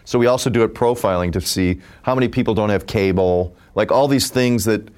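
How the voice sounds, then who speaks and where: Deep-voiced guy in his 50s, improv comic, casual rambly chat. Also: a little fast, smooth. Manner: relaxed, rambling with many "like" fillers. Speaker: improv comedian. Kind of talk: casual interview talk.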